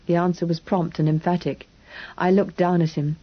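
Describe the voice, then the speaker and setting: A woman narrating an audiobook in the first person in an even, measured storytelling manner. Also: lowish voice, slightly rough, highs cut off.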